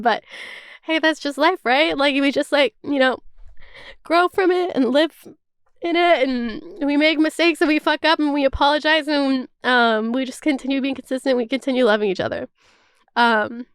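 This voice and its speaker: High, chatty young woman vlogger. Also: moderate pace, fairly bright tone, dry recording, studio quality. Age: 20s. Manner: chatty, swears freely, heavy use of "like". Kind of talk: casual chat.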